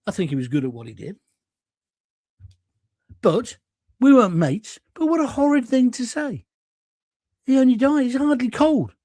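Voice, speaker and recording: An older man rants through a live online show, blunt and sarcastic as he reads out viewer comments. His voice sits fairly high for a man. The sound is close and dry, with little room around it. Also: big pitch swings, normal speed, long pauses, warm tone, no echo. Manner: blunt, sarcastic, mocking voices in mini-skits. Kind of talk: ranting live-stream commentary.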